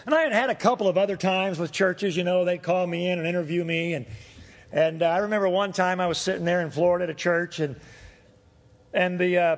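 A middle-aged male pastor preaching a sermon, telling personal stories in an animated way. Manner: animated storytelling with shifts in pitch. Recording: long hall reverb.

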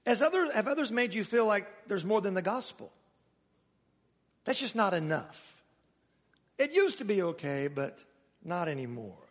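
A man's voice: sits high, big pitch swings, moderate pace, long pauses, big-room sound. A man preaching a sermon, telling a story in a chatty way with laughs and asides.

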